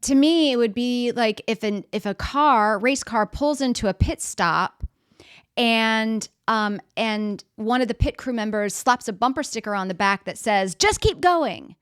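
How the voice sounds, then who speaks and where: A woman's voice: on the high side, unhurried, smooth, no room sound, studio quality. A middle-aged woman giving a motivational talk in a conversational way, acting out everyday scenes and putting questions to the audience. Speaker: speaker.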